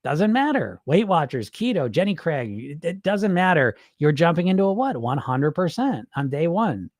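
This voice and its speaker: Male weight loss coach with a swooping, expressive voice, dry close sound, blunt and profane, mocks viewers' excuses. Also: a little high, dry recording. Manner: acts out dieters' excuses in quick voices. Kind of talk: live-stream talk to viewers.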